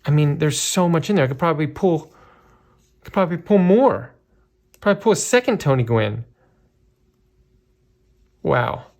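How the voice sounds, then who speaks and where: A man giving casual, chatty commentary while opening a box of trading cards, with lots of fillers and bursts of excitement. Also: fairly high pitch, moderate pace, vocal fry, pauses often. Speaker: card breaker.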